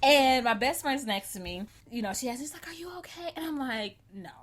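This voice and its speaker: A woman co-hosting a podcast, telling a story in a lively, animated way, laughing often and acting out what people said. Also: fairly high pitch, fairly quick, a little hiss or hum. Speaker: podcast co-host. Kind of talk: casual storytelling chat.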